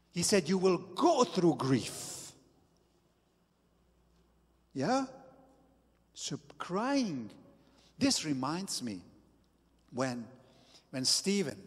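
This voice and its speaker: A man preaching a sermon as pastor, slow and deliberate with emphatic bursts. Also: on the high side, a bit bright, husky, big-room sound.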